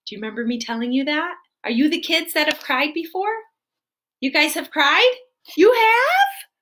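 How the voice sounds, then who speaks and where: A woman children's entertainer telling a story to preschoolers in an animated, sing-song way and asking the kids questions. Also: sits high, moderate pace, a little hiss or hum. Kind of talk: preschool storytelling live stream.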